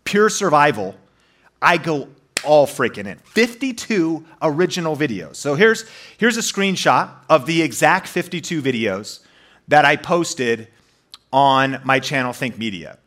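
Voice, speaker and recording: Animated, bright-voiced storytelling man. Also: a little high. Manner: animated, fast and emphatic, with many fillers and restarts. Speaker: YouTube creator telling his story. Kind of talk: storytelling presentation to an audience.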